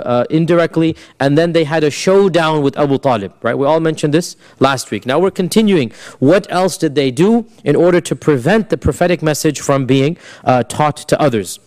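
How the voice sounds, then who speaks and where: A man teaches a history class in a relaxed, conversational lecture, asking his students questions and slipping Arabic phrases into his English. His voice is fairly high, a little above the typical male range, at normal speed with hardly any pauses.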